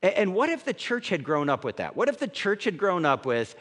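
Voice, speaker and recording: A man preaching a sermon as a pastor, conversational and animated, acting out the voices he quotes. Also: fairly high pitch, fairly quick, hardly any pauses. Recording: long hall reverb.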